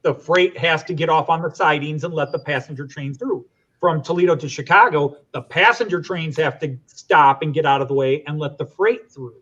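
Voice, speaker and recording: A man's voice: on the high side, moderate pace, a bit bright, muffled recording. A middle-aged man, a teacher, chatting and explaining at length as a guest on a casual stream. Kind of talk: casual storytelling.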